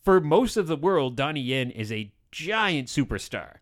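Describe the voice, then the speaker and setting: A man's voice: on the high side, very animated, a little slow. Chatty, enthusiastic man host. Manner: enthusiastic, talkative, laughs often. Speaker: podcast host. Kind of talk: casual chat. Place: small old cinema.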